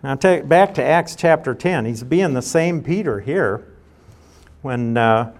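Guy teaching bible study, reads the verses then chats through them, mid pitched voice, slow pace. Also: animated. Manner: reads scripture aloud, then explains it conversationally.

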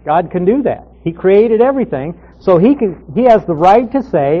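Emphatic pastor teaching a Bible class. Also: male voice, sits high, very animated, normal speed, hardly any pauses. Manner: emphatic, repeats key words, reads scripture aloud. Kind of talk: Bible study lecture. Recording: muffled lo-fi recording.

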